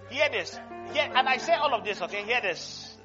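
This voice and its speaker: A male pastor preaching a sermon, swinging between loud exclamations and quiet conversational asides, laughing often. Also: extremely high pitch, dull audio. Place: church service.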